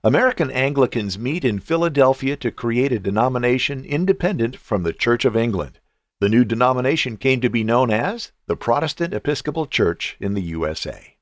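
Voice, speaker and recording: A male podcast host giving devotional talk, earnest and encouraging, in the manner of a pastor. His pitch moves in lively rises and falls, and the recording is dry and close, with no trace of room sound. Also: no echo.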